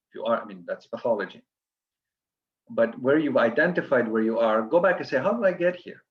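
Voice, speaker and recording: A man's voice: on the low side, muffled recording. A man giving an earnest coaching lecture to physicians, listing steps with frequent restarts.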